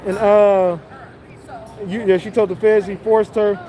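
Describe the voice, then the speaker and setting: High-voiced man ranting on a street. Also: level tone, unhurried, mellow, some chatter behind. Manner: blunt, profane, mocking retelling. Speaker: commentary vlogger. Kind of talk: casual recap commentary.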